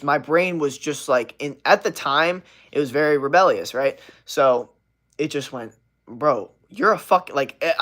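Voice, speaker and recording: A young adult man with a mid-range, fairly bright voice streams live, rambling through a profane tale heavy on the word "like."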